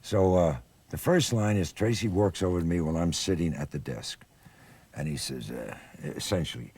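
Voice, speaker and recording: Deep husky older man spinning animated tales. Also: fairly quick. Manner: animated, acts out quoted voices. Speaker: guest, former athlete and actor. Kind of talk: storytelling anecdotes in conversation.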